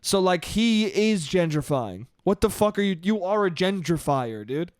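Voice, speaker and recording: A man's voice: sits high, big pitch swings, normal speed, dry recording, studio quality. A man hosting a solo comedy podcast, telling a story in an exasperated, profane way and saying "dude" often. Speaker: podcast host. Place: New York.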